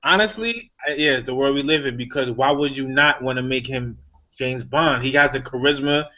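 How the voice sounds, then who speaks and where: A man's voice: medium pitch, normal speed, sharp tone. A young man co-hosting a podcast in casual chat, playful and slangy, joking with his friends. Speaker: podcast co-host. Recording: dull lo-fi podcast audio.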